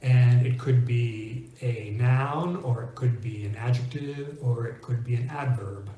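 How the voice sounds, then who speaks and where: A man teaching English pronunciation in a clear, deliberate way, slowing down to stress example words. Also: mid-range voice, mellow, roomy sound. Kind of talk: scripted teaching monologue.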